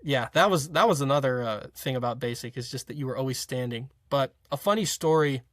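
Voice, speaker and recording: A young college football player telling a story in a casual interview, rambling with frequent fillers and restarts. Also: male voice, mid-range voice, brisk, a bit bright, no room sound, clean studio sound. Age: young adult.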